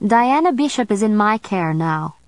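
Woman doing a smooth, scornful witch. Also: medium pitch, sing-song, normal speed, no room sound, voice pushed up, natural voice. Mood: cool scorn. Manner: smooth, matter-of-fact, scornful. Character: scornful, self-assured female witch captor.

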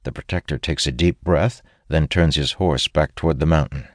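A man giving steady, measured first-person narration of a fantasy audiobook. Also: rumbling low, no echo, studio quality.

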